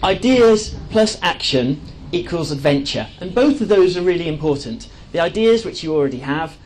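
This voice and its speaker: A man's voice: fairly high pitch, lively intonation, normal speed, a little mellow, a little hiss or hum, low-quality recording. A man giving an enthusiastic presentation to a live audience, chatty and full of fillers and restarts. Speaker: speaker at a live talk.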